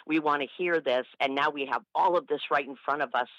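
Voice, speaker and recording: A man's voice: fairly high pitch, fast, a bit bright, no echo, muffled recording. A man guesting on a radio show, chatting casually and laughing often.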